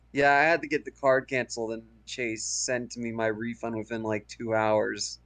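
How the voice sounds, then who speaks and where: A man's voice: medium pitch, level tone, moderate pace, a bit bright. A man co-hosting a casual movie podcast, chatty and laughing his way through stories. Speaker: podcast co-host.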